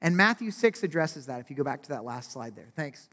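Brisk and very animated, a man with a somewhat high, slightly bright voice preaches in a casual, talky style. He keeps asking "right?" and acts out quotes, all under the long reverb of a large hall.

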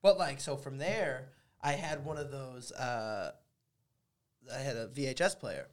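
A man's voice: medium pitch, unhurried. A man in his thirties, a podcast guest, telling crude stories bluntly in casual chat. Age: 30s.

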